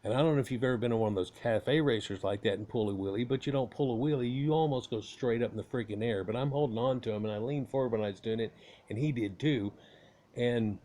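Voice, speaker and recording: A man's voice: medium pitch, quick pace, warm tone. A man telling a long, rambling story in a folksy, casual way, cursing now and then. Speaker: car owner telling a story.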